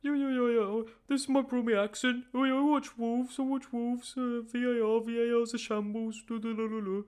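Brief: young man voicing an excitable, delusional Brummie football fan, pitched way up, babbling, over a smooth crisp voice. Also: a little fast. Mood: mocking. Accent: put-on Birmingham. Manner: babbling, repetitive yeahs.

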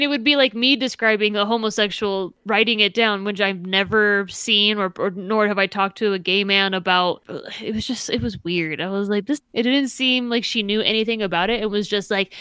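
A woman in casual podcast chat, swearing freely and slipping into mocking voices for characters. Her voice is smooth and clear, at a middle pitch, recorded dry and close. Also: fairly quick, hardly any pauses, no echo. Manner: animated, profane, mocks characters in exaggerated voices. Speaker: podcast co-host.

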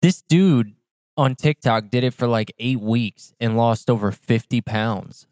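A young man speaks in a smooth, clear voice, tossing off short, easygoing replies in casual podcast chat. The sound is close and dry. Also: medium pitch, unhurried, a little mellow, dry recording. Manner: laid-back, short replies, swears casually. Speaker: podcast co-host.

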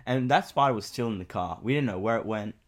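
A young man, co-hosting a podcast and telling a story in an animated, rambling way with many fillers. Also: lowish voice, fast. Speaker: podcast co-host. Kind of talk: casual storytelling chat.

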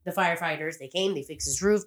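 A woman's voice: on the low side, fast. A young woman casually recapping a TV show as a podcast host, rambling and swearing, acting out lines as she goes. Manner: rambling, profane, acts out quoted lines.

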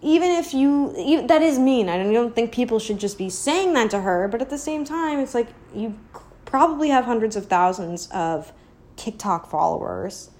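A young woman giving a casual, sardonic opinion monologue as a podcast host. She rambles, leans heavily on "like," and slips into a mocking high baby voice when quoting others. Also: expressive, normal speed, a little mellow, slight background noise. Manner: sardonic, rambling, heavy use of "like".

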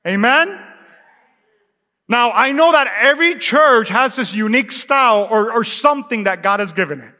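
High, bright-voiced man preaching in an echoey hall. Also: normal speed. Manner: lively, conversational preaching with asides to the congregation. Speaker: pastor. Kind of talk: sermon. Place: church sanctuary.

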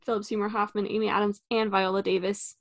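A woman's voice: mid-range voice, flat delivery, quick pace, no echo, clean studio sound. A woman co-hosting a casual film podcast, adding wry, joking asides. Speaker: podcast co-host.

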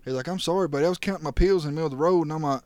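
A young podcast co-host with a slightly high, darkish voice tells wild stories at a very fast clip. He's rowdy, laughing as he acts out what people said in this casual storytelling chat.

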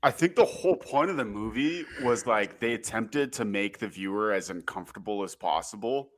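A man co-hosting a podcast, chatting casually in an easygoing, halting way. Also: fairly low pitch, animated. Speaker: podcast co-host. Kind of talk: casual chat.

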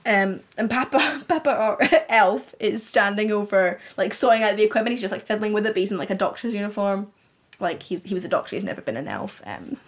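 A woman's voice: mid-range voice, brisk. A woman co-hosting a podcast, retelling a story in a rambling, giggly way, full of fillers and restarts. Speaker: podcast co-host. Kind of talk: casual chat, retelling a fan story.

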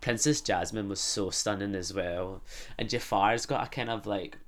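A young Glaswegian man chats away on his podcast, swearing freely and rambling from one joke to the next. His voice sits a little low, and he giggles at his own stories. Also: moderate pace. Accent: Glaswegian Scottish. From Scotland. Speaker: podcast host. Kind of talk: casual comic chat.

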